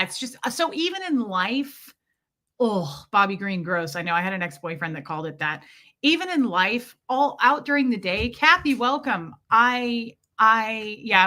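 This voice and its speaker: A woman's voice: medium pitch, sharp tone. A woman hosting a casual livestream, telling jokey stories and greeting viewers by name mid-sentence. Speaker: livestream host reading chat.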